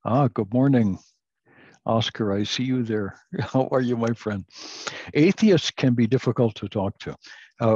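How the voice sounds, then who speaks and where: A man teaching a recorded online class, halting with many fillers and restarts, chuckling at his own jokes. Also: lowish voice, warm tone, dry recording, muffled recording. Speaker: Bible teacher.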